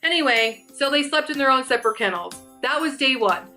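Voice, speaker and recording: A young woman vlogger tells a casual storytime, rambling and restarting her sentences as she chats. Her voice is high, bright and forceful, with lively intonation and a slightly fast pace. Soft music plays in the background.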